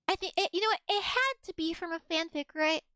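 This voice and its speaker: Very high-voiced young woman streamer. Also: brisk, no echo. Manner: crude, animated, acts out quoted friends with rising outbursts. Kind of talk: casual stream chat, storytelling.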